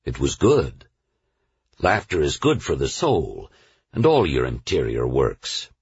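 A man reading a novel aloud as a narrator, in a measured storytelling manner. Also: rumbling low, huge pitch swings, darkish tone, slightly rough. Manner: measured storytelling, slows on lists. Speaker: audiobook narrator. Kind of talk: scripted narration. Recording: dull, dry studio recording.

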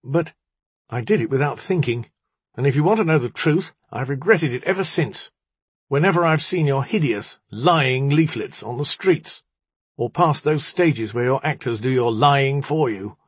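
A man reading an audiobook, voicing a defiant, sharp-tongued young woman with scornful, clipped retorts. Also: mid-range voice, expressive, moderate pace, slightly rough, no room sound, pitched above the performer's own voice.

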